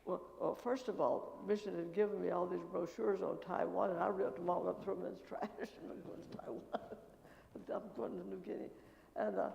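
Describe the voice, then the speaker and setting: An older woman missionary telling her story in church with lively anecdotes and quoted dialogue, recorded in an echoing church. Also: on the low side, gravelly, muffled recording, a little hiss or hum. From American Midwest. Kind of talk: testimony talk at church. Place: church sanctuary. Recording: echoey church with long reverb.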